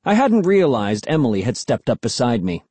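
A man's voice: mid-range voice, sing-song, normal speed, dark tone, breathy edge, no echo. A man narrating a children's story in the first person, expressively and close to the mic. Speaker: audiobook reader.

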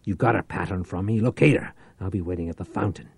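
A man voicing a ruthless schemer who barks clipped orders in a low growl, in an audiobook. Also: quick pace, gravelly, darkish tone, husky, no room sound, clean studio sound, full character voice. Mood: commanding. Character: ruthless man under pressure, growling and commanding.

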